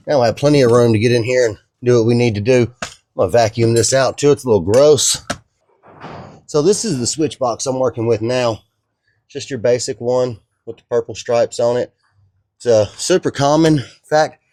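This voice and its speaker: A young man chatting casually in his shop vlog, laid-back and excited, tossing in "dude" and "man". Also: medium pitch, no room sound. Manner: laid-back and enthusiastic, drawling, calls viewers dude and man. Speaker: custom truck builder and vlogger.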